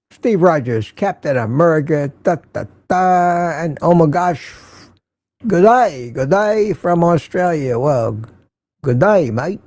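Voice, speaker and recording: An older man hosts a relaxed morning live stream, greeting viewers by name one at a time and laughing often and easily. His mellow voice sits slightly high, and the recording is close and dry with no echo.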